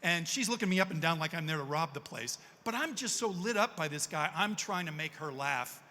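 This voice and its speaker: A man on a panel telling a story in a lively, self-amused way. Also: fairly high pitch, brisk. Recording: long hall reverb.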